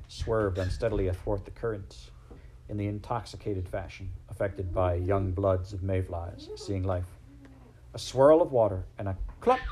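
Gentle man reading a storybook aloud. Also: low-pitched, a little hiss or hum, low-quality recording. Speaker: narrator.

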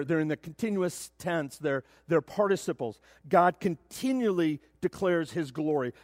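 A middle-aged man preaching a sermon as pastor, emphatic, often repeating words as he builds to loud points. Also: on the high side, dry recording, clean studio sound. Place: church sanctuary.

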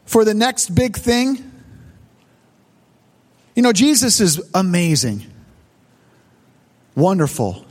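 A pastor with a strikingly high-pitched voice delivers a sermon. He tells a personal story with halting repetitions and rising emotion, then turns it toward his congregation. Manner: emotional, repetitive stammering retelling.

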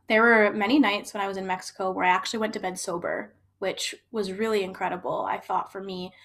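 A young woman talks through a personal story, candid and reflective. She circles back, restarts phrases and leans on fillers as she thinks aloud. Her pitch sits in an ordinary middle range. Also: fairly bright tone. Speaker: storyteller sharing personal experience.

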